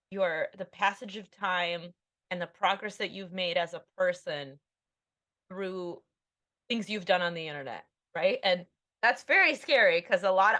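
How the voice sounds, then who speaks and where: Being interviewed on a podcast, an author in her thirties speaks in a medium-pitched voice that is bright and forceful. She's candid and self-deprecating, rambling along with many fillers.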